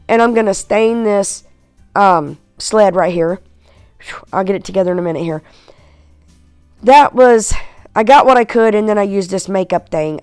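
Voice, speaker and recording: A woman's voice: medium pitch, darkish tone, clean tone, no echo. A woman chatting casually as she narrates a home craft project, folksy and self-mocking, with lots of fillers. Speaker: craft video host. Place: at home in a recliner.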